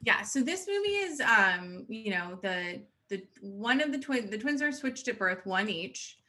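A woman's voice: medium pitch, very animated, a little slow, pushed and bright, slight background noise. A woman co-hosting a podcast in casual chat, blunt and swearing casually, with frequent ums. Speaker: podcast co-host.

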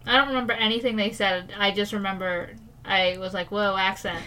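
A woman's voice: medium pitch, a little fast, sharp tone. A young American woman chatting casually about a trip, laughing often and acting out quotes. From United States. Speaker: travel storyteller. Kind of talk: casual chat.

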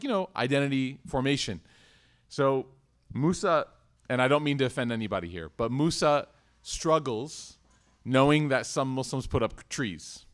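Animated man telling a sermon story. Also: medium pitch. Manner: conversational, animated storytelling, with asides and quick restarts. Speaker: imam teaching a weekly class. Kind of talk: casual sermon with personal stories.

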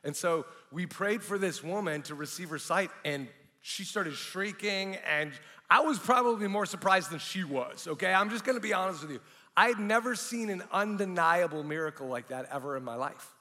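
A middle-aged male pastor gives a sermon, telling his story in a candid, animated way and often restarting his sentences. His voice sits a bit high and sounds bright and forceful. The sound carries a long reverb from a large hall. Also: moderate pace. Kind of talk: sermon with personal testimony.

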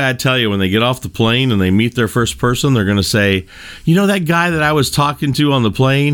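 Low-voiced man hosting a sales podcast. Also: a bit bright. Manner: conversational, loose, many fillers and restarts; chuckles between points. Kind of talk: solo podcast talk.

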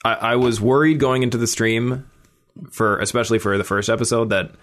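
A man's voice: medium pitch, fairly even intonation, fairly quick, fairly bright tone. A man co-hosting a podcast, a streamer who explains things at length in easygoing casual chat.

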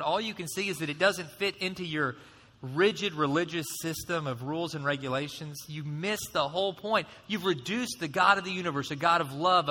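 A man preaching a sermon as pastor, in a conversational, animated way, acting out voices now and then. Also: sits high, long reverb tail.

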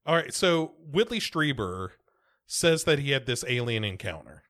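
American dude on a horror podcast, casual rambly chat, lots of ums and restarts. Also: male voice, mid-range voice, big pitch swings, moderate pace, a bit bright. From United States. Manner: rambling, full of fillers and restarts. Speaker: podcast co-host.

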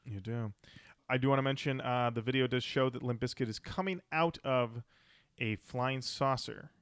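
A man co-hosting a casual podcast, musing aloud and doubling back on his own words. His voice is smooth and clear at an ordinary middle pitch. The sound is close and dry, with no room around it. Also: normal speed, a bit bright, no room sound. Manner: rambling, thinks aloud with self-corrections. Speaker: podcast co-host. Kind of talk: casual chat about music.

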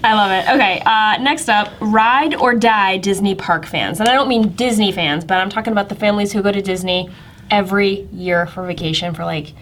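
A woman's voice: mid-range voice, brisk, fairly bright tone. A woman with a New Jersey accent co-hosting a podcast, moving the chat along with wry asides. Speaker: podcast co-host. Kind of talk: casual chat.

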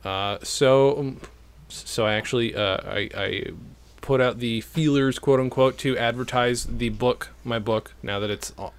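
A man's voice: mid-range voice, a little slow, smooth. A man hosting a casual podcast from a home studio, rambling and self-deprecating with lots of jokes and fillers. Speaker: podcast host.

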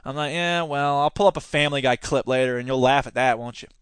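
A man's voice: mid-range voice, fast talker, fairly bright tone, smooth, no room sound. A man hosting a podcast, giving casual, sarcastic commentary and laughing often as he talks. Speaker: podcast host; teacher.

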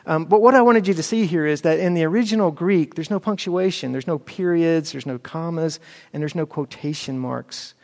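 A man teaching a Bible class, talking it through conversationally and thinking aloud. His voice is gravelly and slightly high. It rings out with a long echo in a church hall or classroom. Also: normal speed, darkish tone. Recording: echoey hall.

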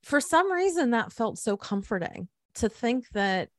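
A woman's voice: on the high side, big pitch swings, measured pace, no room sound. Middle-aged woman host, chatty storyteller, close dry mic. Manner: chatty, warm storytelling with frequent fillers. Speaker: podcast host. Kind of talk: conversational interview.

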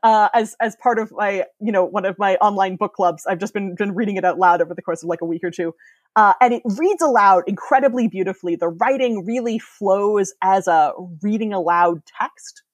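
A woman's voice: medium pitch, fairly quick, dry recording. A woman in her thirties, a podcast guest, explaining ideas eagerly in casual chat and laughing often.

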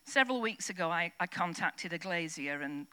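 A woman shares a testimony with her church, her voice bright and forward. She tells it in a chatty, rambling way, restarting sentences and adding asides, speaking into a handheld mic at a service. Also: fairly low pitch, animated, moderate pace, smooth. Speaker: church member sharing a testimony. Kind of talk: personal testimony told to a congregation.

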